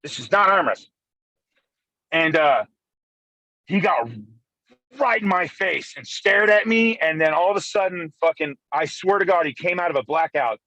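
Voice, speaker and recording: A man on a phone call from his car, telling a fast, profane, animated story in a casual chat. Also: fairly high pitch, dry recording. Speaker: guest arm wrestler. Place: in a moving car.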